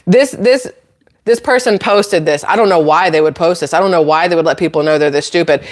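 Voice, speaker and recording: A woman's voice: lowish voice, moderate pace. A woman hosting her own channel, ranting to camera in a blunt, sarcastic, incredulous way with exasperated laughs. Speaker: channel host.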